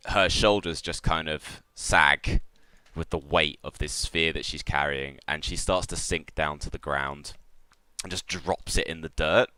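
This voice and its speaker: A man's voice: very deep voice, steady tone, unhurried, sharp tone, clear, resonant tone, no room sound. A man narrating as game master of a tabletop role-playing game, in loose descriptive narration with many fillers.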